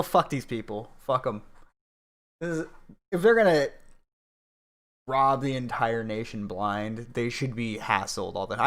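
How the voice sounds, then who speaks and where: A man hosting a livestream, ranting angrily and crudely at the news with rhetorical questions. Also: mid-range voice. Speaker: livestream host. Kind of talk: profane political commentary stream.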